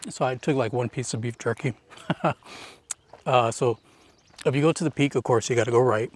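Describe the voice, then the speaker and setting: A man's voice: medium pitch, moderate pace. A young man chatting his way up a mountain trail, narrating a hiking vlog into a handheld camera in a rambling, filler-heavy way. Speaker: hiking vlogger.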